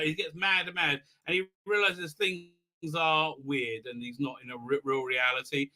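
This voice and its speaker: This live stream host has a medium-pitched, sharp voice and talks at normal speed with few pauses. Rambling and sarcastic, he recaps an episode using lots of fillers, ridiculing the characters and slipping into their voices mid-sentence.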